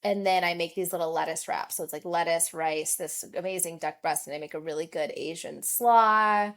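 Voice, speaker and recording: A woman's voice: fairly low pitch, normal speed. Chatty woman podcast co-host. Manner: chatty, animated storytelling with laughs. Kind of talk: casual chat.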